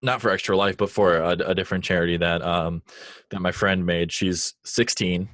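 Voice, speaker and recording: A young man hosts a relaxed chat in a very low voice, friendly and full of fillers like "um" and "you know". The sound is dry and close, with nothing behind it. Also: normal speed, no echo. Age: young adult. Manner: friendly, filler-heavy, laughs easily. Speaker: podcast host. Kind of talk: casual interview chat.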